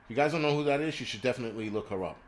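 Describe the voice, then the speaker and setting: A man's voice: mid-range voice, very fast, slight background noise. A man hosting a livestream, ranting crudely and rambling while he answers viewers' chat. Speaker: livestream host.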